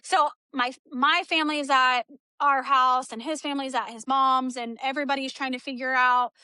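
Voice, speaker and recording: Female interview guest from Texas, high and bright, retells a hard personal story and voices the other people in it. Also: level tone, a little fast, clean tone, no room sound. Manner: storytelling, acts out quoted dialogue. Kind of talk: emotional personal account.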